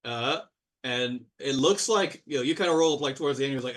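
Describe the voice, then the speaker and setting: A man's voice: mid-range voice, fairly quick, a bit bright, far from the mic. A man narrating a tabletop game as game master, rambling with lots of fillers and restarts. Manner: rambling, filler-heavy narration with sudden voices.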